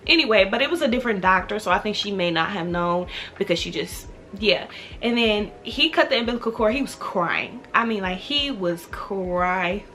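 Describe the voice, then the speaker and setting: A young woman vlogger telling a personal story in a casual, animated way, acting out what people said. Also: medium pitch, brisk, faint music behind. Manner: animated, quotes herself in reenacted dialogue.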